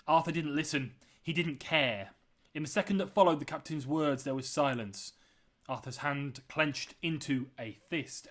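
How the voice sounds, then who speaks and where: A male author reading his own novel aloud at home, with measured, dramatic storytelling. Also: mid-range voice. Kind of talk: audiobook-style novel reading.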